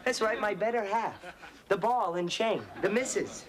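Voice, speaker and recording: A man's voice: high-pitched, moderate pace, crowd noise, lightly acted. An actor in a sitcom playing a playful husband who teases his wife. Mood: joking. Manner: joking, playful banter. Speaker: sitcom character. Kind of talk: sitcom acting.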